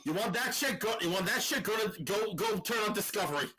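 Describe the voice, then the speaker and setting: A man's voice: sits high, fairly quick, slightly rough, low-quality recording. A man co-hosting a wrestling podcast, chatting casually and retelling matches with lots of energy. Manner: animated, does loud mocking voices when retelling. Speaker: podcast co-host.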